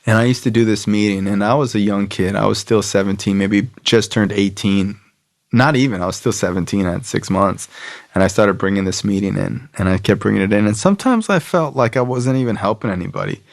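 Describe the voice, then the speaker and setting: A man's voice: lowish voice, fairly quick, creaky, dry recording, studio quality. A man guesting on a podcast, telling his story casually, loose and profane, with lots of fillers and quoted voices. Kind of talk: casual storytelling about recovery.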